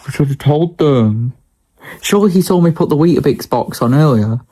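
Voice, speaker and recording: A man's voice: on the high side, lively intonation, moderate pace, warm tone, husky. Young man ranting in a vlog. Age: young adult. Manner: ranting, blunt, sweary. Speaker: vlogger. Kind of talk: casual daily vlog.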